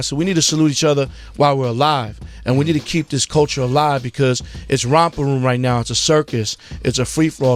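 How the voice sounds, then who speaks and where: A male guest on a radio talk show, speaking in an ordinary mid-pitched voice. He rambles loosely, leans on "you know" and drifts into sermonizing. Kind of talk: casual talk-show chat.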